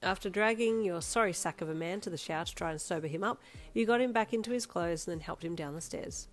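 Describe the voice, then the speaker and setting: A woman with a lowish voice narrates a fanfiction story straight to the listener in steady second person. Soft instrumental music plays faintly beneath her reading. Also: quick pace. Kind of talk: story read aloud to the listener.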